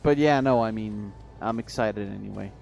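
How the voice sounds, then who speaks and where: A man's voice: on the low side, vocal fry, a little mellow, faint music behind. A man chatting casually on a stream, rambling and swearing with frequent restarts. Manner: rambling, profane, halting restarts.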